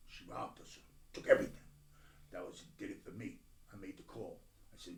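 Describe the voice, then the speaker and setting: A middle-aged man telling his life story bluntly as a podcast guest, profane and swinging from low mutters to loud bursts. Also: steady tone, a little fast, gravelly, long pauses, a little hiss or hum. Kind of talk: candid personal storytelling. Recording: roomy echo.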